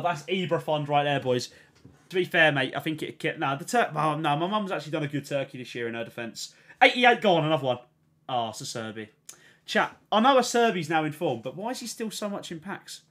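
A man's voice: on the high side, expressive, brisk, a bit bright. A young English man streaming a video game, swearing and swinging between ranting and cheering as he talks to his chat. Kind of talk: live game commentary to chat.

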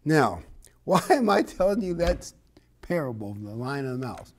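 A man's voice: medium pitch, very animated, moderate pace. Male preacher, easygoing and chatty, mid-range voice, keeps it upbeat. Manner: conversational, encouraging, chuckles. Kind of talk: sermon.

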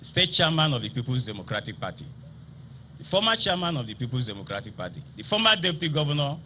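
A Nigerian man addresses a ceremony from a podium microphone, his pitch swinging widely as he stresses key words. The audio is slightly dull, with faint ambience from the venue behind him. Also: very animated, slight background noise. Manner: oratorical, slow emphatic delivery with rising stresses. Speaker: state assembly speaker. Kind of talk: formal ceremonial speech.

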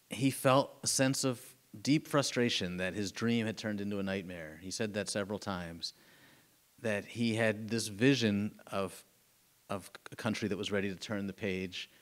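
A middle-aged man, an author, speaking at a live museum talk in an earnest, animated storytelling way, with fillers and restarts. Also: lowish voice, measured pace. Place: museum event room with audience.

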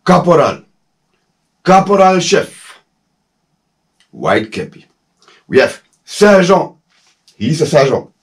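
A German-accented man in his fifties talks through a casual lesson in a slightly high voice. His delivery swings up and down with animated energy, and he chuckles often and drops into French phrases. He sounds like a plain-spoken former soldier passing on tips. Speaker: former legionnaire instructor.

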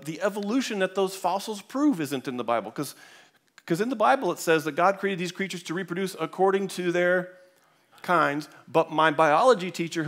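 At a church event, a man with a high, somewhat bright voice tells an audience an anecdote. His storytelling is full of fillers and restarts.

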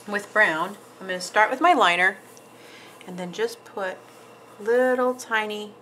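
A woman's voice: mid-range voice, bright, forceful tone, a little hiss or hum, low-quality recording. A woman nail artist casually narrating a tutorial as she works, chatty with frequent ums and asides. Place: nail salon.

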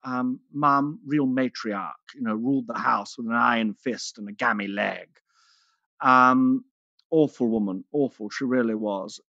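A man's voice: medium pitch, unhurried, pushed and bright, no echo, dull audio. A man playing a vain, theatrical aging actress. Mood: theatrical, grandiose. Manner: grand luvvie manner, calls everyone darling. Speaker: character comedian. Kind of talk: online stand-up character act.

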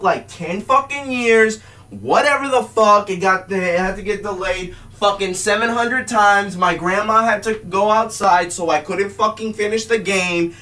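A young man delivering an angry, profane game rant, yelling and swearing constantly. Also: sits high. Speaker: game reviewer. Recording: voice distant from the mic.

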